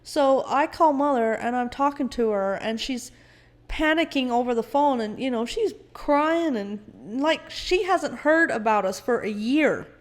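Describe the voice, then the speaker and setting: Young woman guest, higher voice, lively chatty storyteller. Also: unhurried. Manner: animated, swearing, quotes others. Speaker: podcast guest. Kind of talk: casual storytelling.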